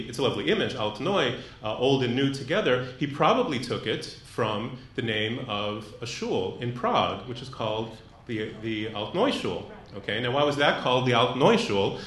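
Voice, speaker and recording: Speaking before an audience in a reverberant room, a man lectures in a medium-pitched, slightly bright voice. He's reflective, though he often restarts and leans on filler words.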